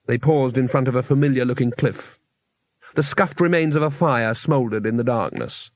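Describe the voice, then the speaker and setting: Man reading fantasy aloud, measured pace, dry close-up sound. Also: medium pitch, no room sound. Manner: measured storytelling. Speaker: audiobook reader. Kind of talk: scripted narration.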